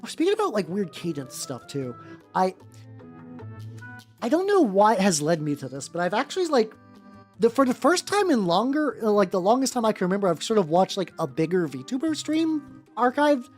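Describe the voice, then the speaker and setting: A woman's voice: mid-range voice, big pitch swings, moderate pace, a little mellow. A woman VTuber chatting casually on a live stream while she paints miniatures, rambling with many fillers and self-interruptions, with what she calls a nerdy voice. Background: faint background music.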